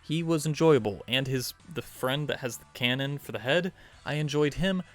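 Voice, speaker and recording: A man's voice: mid-range voice, normal speed. Male video reviewer, casual and sarcastic, loose and rambling, faint background music. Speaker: movie reviewer.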